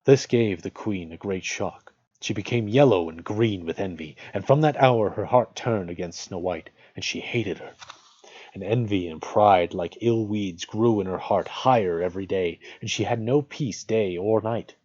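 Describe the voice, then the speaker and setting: A man reads a fairy tale aloud at a measured, unhurried pace. His voice is low, dark and husky. It is heard through a dry, dull, lo-fi recording. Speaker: host reading aloud. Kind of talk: storybook fairy tale reading.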